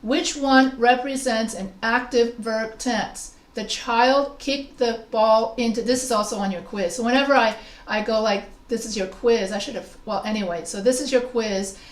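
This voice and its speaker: This reverberant recording captures a fairly high-pitched woman teaching grammar online. As a writing instructor, she explains slowly with examples and calls on individual students.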